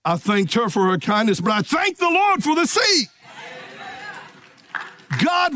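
A man preaching a sermon, emphatic and calling out to his congregation, easing into relaxed stories. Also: very high voice, a little slow, long pauses, slight background noise. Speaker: pastor.

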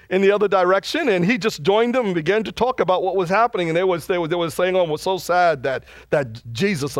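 Animated preaching pastor, high lively voice. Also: male voice, no echo. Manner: animated preaching with rising emphasis on scripture readings. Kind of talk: sermon.

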